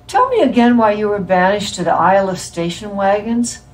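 A woman's voice: medium pitch, animated, moderate pace, pitched above the performer's own voice, natural voice, poor audio. A woman reading as a teasing Italian hairdresser man. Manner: playful teasing.

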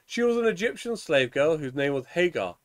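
A minister leading evening prayer reads psalms and scripture in measured, solemn tones with small stumbles. His voice is a little high, with big swings in pitch.

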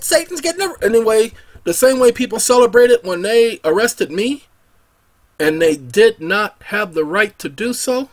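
A man talks to his viewers in a casual, emphatic way, challenging them and tossing out rhetorical questions. His voice sits high and moves around a lot, rising and dropping as he presses each point. The delivery stays insistent throughout. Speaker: online video host. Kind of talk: casual scripture talk to camera.

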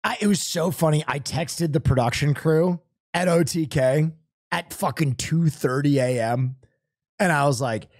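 A man's voice: fairly high pitch, sing-song, moderate pace, slightly rough, no echo, clean studio sound. A man streaming, telling a story in casual chat, self-mocking and swearing often.

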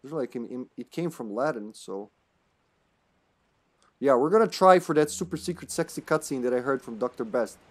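A man's voice: medium pitch, expressive, normal speed. A man streaming a retro horror game live, chatting with viewers in a jokey, rambling way. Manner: chatty and jokey, often laughing, greeting chat. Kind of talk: live gameplay commentary.

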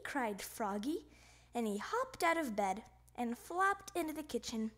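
A woman narrating a children's picture book aloud, with playful, expressive sound effects. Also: a little high, measured pace. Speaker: storybook reader.

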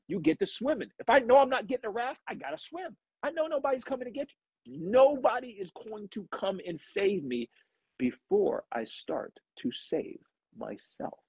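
A man hosting a motivational live talk, repeating his points and climbing to emphatic highs before dropping back to a low, steady tone. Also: slightly rough, dry recording, rough recording. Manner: preachy, repetitive, rising to emphatic highs. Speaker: live stream host.

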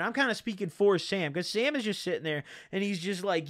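High-voiced young man telling a story. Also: animated, fairly quick, few pauses, dry recording, clean studio sound. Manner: slangy, rambling, full of "dude" and "bro". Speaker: storyteller vlogger. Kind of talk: casual storytelling.

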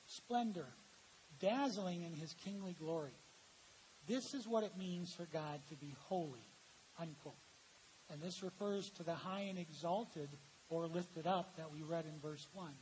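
A man's voice: high-pitched, a little mellow. A man preaching a sermon as pastor, reading quotations aloud and asking the congregation for answers. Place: church sanctuary. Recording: long hall reverb with faint hiss.

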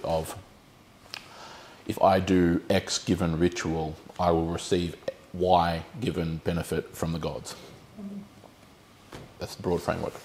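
Low-voiced man teaching Bible study. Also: darkish tone, a little hiss or hum. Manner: explanatory, poses questions to the group.

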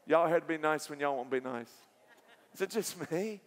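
A man with a Southern accent preaching a sermon, moving from quiet storytelling to loud, emphatic climaxes. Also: on the high side, moderate pace. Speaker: pastor. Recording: long hall reverb with faint music.

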